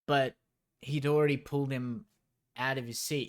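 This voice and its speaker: A man's voice: medium pitch, fairly even intonation, moderate pace. A man streaming a book reading, breaking off into sarcastic, rambling asides. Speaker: streamer reading a novel aloud. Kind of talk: reading aloud with sarcastic commentary.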